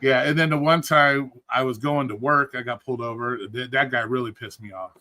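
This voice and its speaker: A man's voice: medium pitch, fairly even intonation, a little fast, sharp tone. A man telling stories on a live stream in a casual, blunt and profane way. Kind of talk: casual storytelling.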